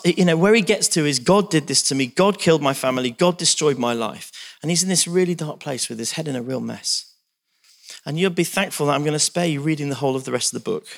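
A man's voice: a little high, a bit bright. A man preaching a sermon, reading scripture aloud with dramatic emphasis and talking to the congregation.

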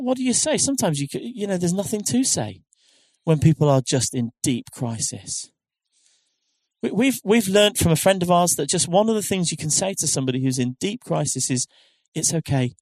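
A man's voice: fairly high pitch, creaky, darkish tone, dry recording. A middle-aged man preaching a sermon in an earnest, conversational way, often restarting sentences and asking rhetorical questions. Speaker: pastor.

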